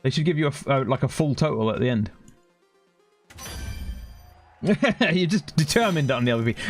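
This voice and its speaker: Male streamer, dry sarcastic running commentary, slightly high voice, faint game music under. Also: sing-song, quick pace, few pauses. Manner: sarcastic, chatty, thinks aloud. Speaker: gaming streamer. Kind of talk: casual gameplay commentary.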